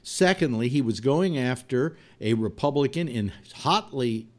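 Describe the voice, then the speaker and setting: A man hosting a talk show, arguing politics heatedly and cutting in often. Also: a little slow. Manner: argumentative, interrupts, lively pitch.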